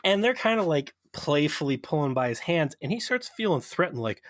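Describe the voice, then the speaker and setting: A man's voice: on the high side, animated, moderate pace, fairly bright tone, dry recording. A man co-hosting a podcast, recapping an episode in a rambling, profane, amused way. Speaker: podcast co-host. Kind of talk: casual chat.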